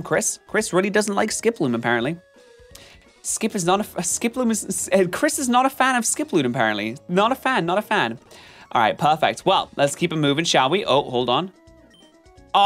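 A man streaming gameplay commentary, chatting with his viewers in an animated, self-mocking and melodramatic way. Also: high-pitched. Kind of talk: live-stream gameplay commentary, reading chat.

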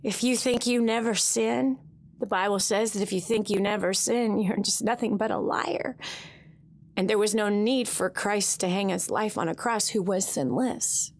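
A woman's voice: medium pitch, normal speed, gravelly. A woman hosting a Christian talk radio show, telling a personal story with emotion and animation.

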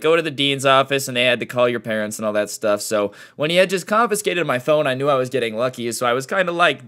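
A man's voice: mid-range voice, pushed and bright. A young man casually telling a storytime tale, chatty and sarcastic, acting out the people he quotes. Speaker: storytime YouTuber.

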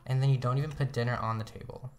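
A man's voice: medium pitch, steady tone, rapid-fire, darkish tone, lightly acted. A young man voicing a sassy young girl who scolds her mother in a mock-indignant tone.

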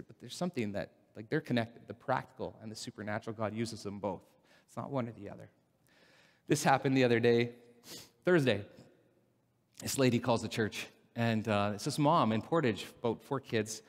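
A man preaching a casual, story-driven sermon in a church, animated and laughing at his own anecdotes. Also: on the high side. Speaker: pastor. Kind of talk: conversational sermon with stories. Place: church sanctuary. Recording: long hall reverb from a church.

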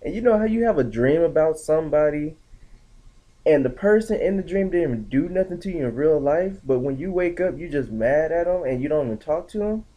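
Slangy, animated young man telling a story. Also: fairly high pitch, brisk. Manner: animated, slangy, acts out quotes in shifting voices. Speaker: vlogger. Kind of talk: casual storytelling vlog.

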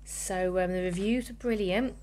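A woman's voice: mid-range voice, moderate pace, darkish tone, a little hiss or hum. A woman in her thirties, a mother filming an unboxing with her daughter, gasping and exclaiming with delight. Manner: gushing, keeps gasping and exclaiming. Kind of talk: excited unboxing vlog.

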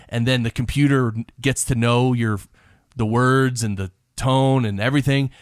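Host, male, mid-pitched, chatty and laughing, dry close mic. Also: no echo. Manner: chatty, quick to laugh, many fillers like "like". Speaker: podcast host. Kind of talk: conversational interview.

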